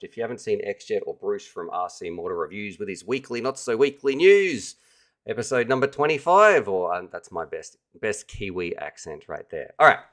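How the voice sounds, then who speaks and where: A deep-voiced man chats casually on a livestream. He sounds upbeat and keen, and he talks straight to his viewers like friends hanging out. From Australia. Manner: enthusiastic, chatty, addresses viewers directly. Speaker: livestream host.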